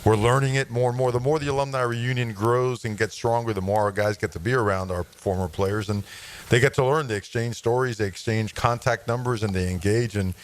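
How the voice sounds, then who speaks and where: A man's voice: medium pitch, fairly even intonation, a little fast. A man who coaches college football, speaking as a guest on a sports radio show in an intense, emphatic way. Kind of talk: radio interview.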